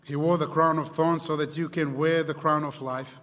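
A man preaching a sermon, telling a story dramatically and slowing down and going quiet on key lines. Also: fairly high pitch, level tone. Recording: long hall reverb.

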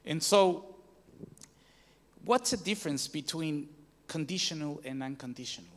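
A man's voice: fairly high pitch, unhurried. A man giving a sermon, telling a story with many fillers and restarts and rising emphatic peaks, in a church hall. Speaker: preacher.

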